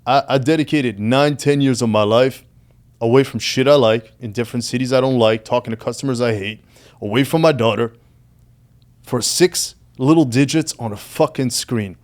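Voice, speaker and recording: Male podcast guest, mid-pitched, animated storyteller, swears a lot, says "brother". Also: moderate pace. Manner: animated storytelling, heavy profanity, calls host "brother". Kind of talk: casual podcast conversation.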